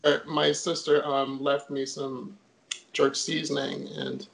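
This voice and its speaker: A man talks casually with a gravelly, creaky edge and a flat, even pitch. He speaks with enthusiasm but restarts his sentences often. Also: measured pace, a crowd in the background, rough recording. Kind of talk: casual conversation.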